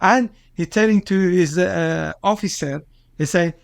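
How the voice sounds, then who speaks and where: High-voiced man with an Iranian accent. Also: gravelly, dry recording. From Iran. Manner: halting non-native English with many fillers and restarts, agitated when quoting. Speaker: journalist, interview guest. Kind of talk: recounting events in an interview.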